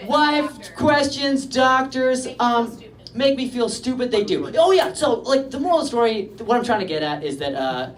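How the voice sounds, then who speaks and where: A man's voice: very high voice, expressive, moderate pace. A young man from England doing a rambling, self-deprecating stand-up comedy set on a club stage. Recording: distant live stand-up recording with audience laughter.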